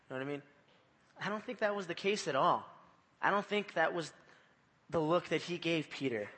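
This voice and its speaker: A man's voice: fairly high pitch, animated, moderate pace, pauses often, fairly bright tone. A man preaching a conversational evening sermon in church, repeating his phrases and putting questions to the listeners. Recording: long reverb of a hall.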